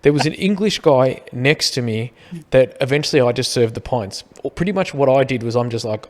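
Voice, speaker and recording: A man's voice: medium pitch, lively intonation, a little fast. A middle-aged Australian man with an Australian accent, co-hosting a casual podcast and arguing his point in a rambling way. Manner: rambling, argumentative, repeats words. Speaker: podcast co-host. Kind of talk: casual chat.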